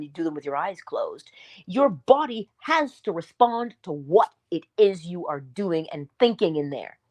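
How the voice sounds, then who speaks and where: A woman giving a motivational morning talk, animated and emphatic, asking her listeners rhetorical questions and dropping into hushed asides. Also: deep voice. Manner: animated and emphatic, swinging between loud bursts and hushed asides; preacherly, speaks straight to listeners with rhetorical questions. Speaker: inspirational speaker.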